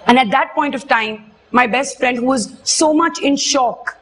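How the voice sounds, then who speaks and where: Brief: young woman, earnest emotional testimony, higher pitch, faint hum behind. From India. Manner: earnest, emotional, halting retelling. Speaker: witness giving testimony. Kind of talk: personal testimony.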